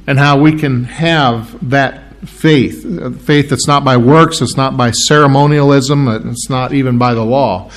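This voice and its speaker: A middle-aged man preaching an expository sermon to his congregation, halting often and clearing his throat. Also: medium pitch. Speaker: pastor.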